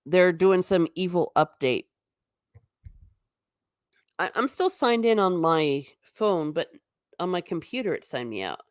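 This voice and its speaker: Chatty, low-voiced woman live-streaming. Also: expressive, measured pace, long pauses, clean tone, no room sound, studio quality. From not Irish. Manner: chatty, laughs often, stumbles and repeats words. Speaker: livestream host. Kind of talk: casual live-stream chat with viewers.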